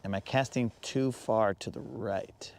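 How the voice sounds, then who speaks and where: A man's voice: fairly low pitch, fairly even intonation, unhurried, darkish tone. A man hosting a live fishing stream from his boat, chatting casually and slangily with viewers. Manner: laid-back, slangy, talks to chat viewers. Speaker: fishing livestream host. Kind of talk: casual livestream chat.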